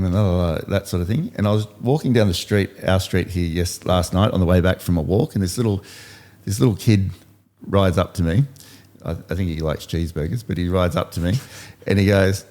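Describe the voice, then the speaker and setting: This podcast host is a man in his fifties with a low, dark voice and a quick pace. In a casual motivational chat he coaches and tells stories, repeating points for emphasis.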